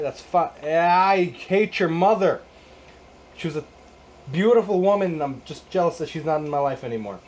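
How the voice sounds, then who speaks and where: A man's voice: fairly high pitch, a little mellow, slight background noise. A man in his thirties restringing a guitar in a casual how-to vlog, ranting with sarcastic, exasperated swearing. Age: 30s. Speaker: YouTube host.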